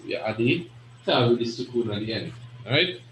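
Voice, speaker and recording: A man's voice: medium pitch, expressive, moderate pace, a bit bright. A man teaching an Arabic grammar class, explaining step by step and often checking in with "right?". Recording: echoey room with faint noise.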